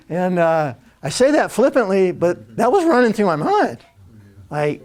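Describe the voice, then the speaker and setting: A man telling a personal story to a live audience, animated and laughing, acting out other people's lines as he goes. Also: high-pitched, slow. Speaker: spiritual speaker.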